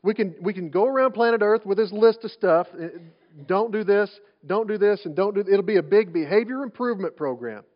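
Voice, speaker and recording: A man preaches, his voice pitched high for a man. He talks to the congregation in a loose, conversational way, throws out rhetorical questions and stumbles into restarts. The recording sounds dull and lo-fi. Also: brisk. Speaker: pastor. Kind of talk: sermon.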